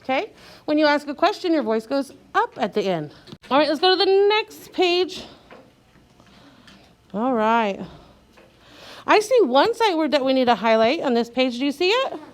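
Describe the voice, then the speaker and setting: High voiced lady teacher doing a reading lesson, patient, spelling words out slow. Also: big pitch swings. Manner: encouraging, slow and clear, sounding out letters.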